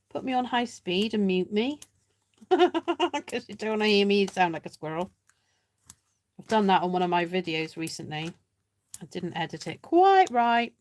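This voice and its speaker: A woman hosting a live card-making demonstration, chatting and thinking aloud as she works, poking fun at herself and greeting viewers by name. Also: mid-range voice. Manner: chatty, self-mocking, thinks aloud while working. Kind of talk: casual live craft demonstration.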